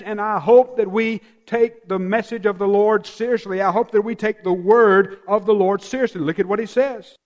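A man preaching a sermon emphatically, swinging from loud peaks down to hushed, near-whispered lines. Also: high-pitched, in a large hall. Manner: emphatic, rising and falling dynamics, dropping to near-whispers.

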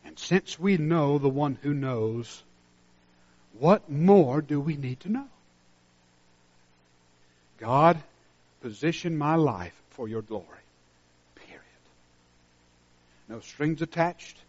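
A man preaching a sermon as pastor, dropping to a hushed intensity and then rising to loud, emphatic exhortation. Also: a little high, lively intonation, slow pace, pauses often. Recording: muffled lo-fi sermon recording.

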